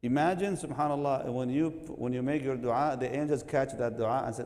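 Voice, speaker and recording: A man telling an animated religious story to a gathering, laughing and acting out what people say. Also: mid-range voice, fairly quick, big-room sound. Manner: lively, laughing, acts out quotes.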